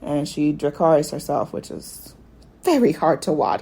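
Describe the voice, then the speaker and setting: A chatty woman talks through a TV episode the way she would with a friend, her voice sitting a bit low for a woman. Her talk is loose and lively, full of fillers, and she keeps breaking into quick acted lines from the scenes. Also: slightly rough. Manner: chatty and animated, jumps into quick acted quotes of characters. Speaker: podcast host. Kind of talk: casual TV recap chat.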